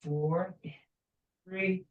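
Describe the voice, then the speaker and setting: A woman fitness instructor guiding a floor stretching class in a gentle, chatty way, with small jokes about herself. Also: fairly low pitch, fairly even intonation, very slow, far from the mic, phone-quality sound. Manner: gentle, chatty, self-joking with little laughs. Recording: echoey room, voice from afar.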